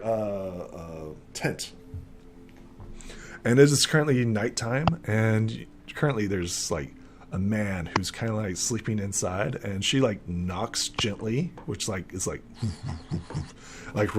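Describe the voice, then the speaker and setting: A man's voice: fairly low pitch, a little hiss or hum. Rambling young male game master. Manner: rambling, heavy with fillers. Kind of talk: narrating a tabletop game.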